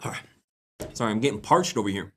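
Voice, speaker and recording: A man's voice: fairly low pitch, animated, quick pace, fairly bright tone. A young man hosting a casual livestream, reading posts aloud, laughing often and swearing casually.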